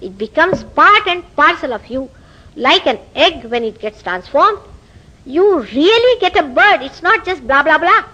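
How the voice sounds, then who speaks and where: Lively high-voiced Indian woman teacher. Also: unhurried, poor audio. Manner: animated storytelling with rhetorical questions. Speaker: spiritual teacher. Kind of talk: public spiritual talk. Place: meeting house hall.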